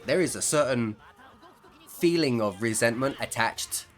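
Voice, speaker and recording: Soft music plays behind a gaming creator as he narrates an anecdote over his gameplay, his mid-range voice expressive and a little slow. The telling is relaxed and chuckly, full of asides and filler words.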